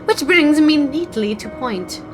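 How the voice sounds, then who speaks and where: A woman's voice: high voice, lively intonation, measured pace, over music, voice pushed up. A woman reading as a haughty, pompous schemer. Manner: pompous, formal speech.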